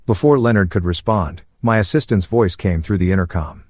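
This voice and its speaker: A man narrating a first-person story in a calm, smug, even way, meant for falling asleep. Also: fairly low pitch, a little fast, few pauses, no room sound, clean studio sound.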